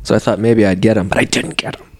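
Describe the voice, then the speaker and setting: A man's voice: on the low side, fairly even intonation, quick pace, darkish tone. A man in casual chat, joking and playful in banter.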